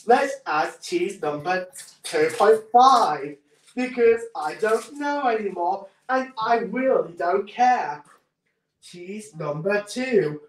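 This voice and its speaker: A woman streamer chatting through a game with hysterical, shouted outbursts. Her voice swings all over its range and she often slows right down. The room gives her voice a noticeable echo. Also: medium pitch, recorded from a distance. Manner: excitable, hysterical shouting bursts. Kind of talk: casual live-stream commentary. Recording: roomy echo, faint noise.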